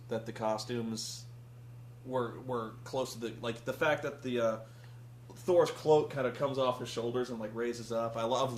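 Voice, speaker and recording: A man's voice: mid-range voice, slight background noise. A man reviewing a film in casual chat, rambling and profane, often acting out characters' lines. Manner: rambling, profane, acts out quotes.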